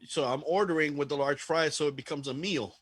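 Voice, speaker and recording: Profane, animated man ranting. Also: a little high, brisk, dry recording. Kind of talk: casual chat.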